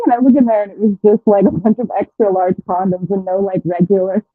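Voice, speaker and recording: A frank, chatty host of an advice show, sharing a story in a loose, conversational way. The speaker laughs often between words and restarts phrases. The voice sits at a middle pitch, and the audio sounds a little dull and muffled. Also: fast, few pauses, breathy edge. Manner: candid and chatty, laughs often mid-sentence, frequent restarts. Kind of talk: casual storytelling chat.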